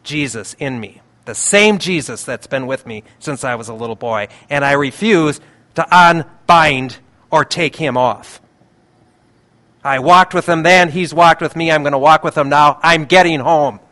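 An older man preaching a sermon in an emotional, pleading way, slowing down to stress key words. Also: fairly high pitch, sharp tone. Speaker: pastor.

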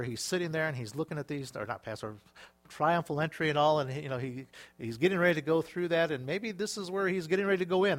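A man's fairly high voice carries this sermon, a pastor in a church. He talks to the congregation in a loose, conversational way, then breaks into loud hallelujahs and acts out quoted voices. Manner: animated, with sudden exclaimed hallelujahs and acted-out quotes.

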